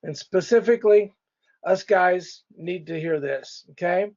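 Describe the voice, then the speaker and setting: A man's voice: sits high, a little slow, a little mellow, highs cut off. A male pastor teaching a church couples class in a conversational way, speaking directly to the couples in the room.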